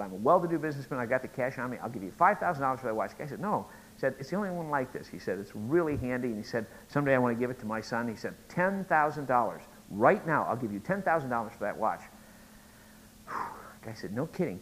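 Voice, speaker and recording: A middle-aged man preaching a sermon, telling a joke story and rising to loud, emphatic peaks. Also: mid-range voice, a little hiss or hum, poor audio. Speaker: pastor.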